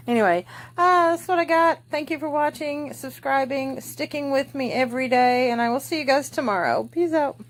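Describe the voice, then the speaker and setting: A woman's voice: high voice, normal speed. A woman in her forties with a Southern US accent, rambling casually to her viewers from home about her day, with plenty of fillers. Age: 40s. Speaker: crafting vlogger. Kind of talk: casual vlog chat. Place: at home, indoors. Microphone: tablet or phone camera.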